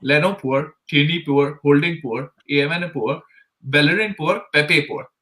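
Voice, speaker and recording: A man's voice: fairly high pitch, moderate pace, pushed and bright. A man on a football fan panel, arguing heatedly and stumbling over his words. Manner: heated, stumbling, lists player ratings. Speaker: podcast panelist. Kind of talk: casual football debate.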